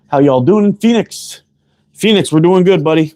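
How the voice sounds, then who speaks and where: A man's voice: high voice, expressive, moderate pace, dark tone. A man hosting a casual livestream while working in his shop, chatting loosely and swearing freely as he greets viewers by name. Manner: laid-back, profane, greets viewers by name. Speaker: livestream host and slingshot maker. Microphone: camera close up, leaning in to read chat.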